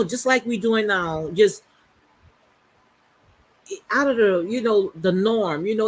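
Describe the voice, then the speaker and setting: Chatty Southern woman with a husky voice. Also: mid-range voice. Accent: Southern US, Louisiana. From Southern US, New Orleans area. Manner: chatty, many "girl" and "you know" fillers. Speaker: livestream host. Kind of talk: casual chat on a livestream.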